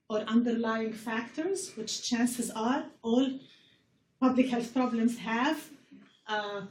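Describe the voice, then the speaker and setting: A woman's voice: a little high, a little mellow. A woman giving a university public health lecture to a class, earnest and repeating words as she explains. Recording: roomy lecture hall from far off with faint noise.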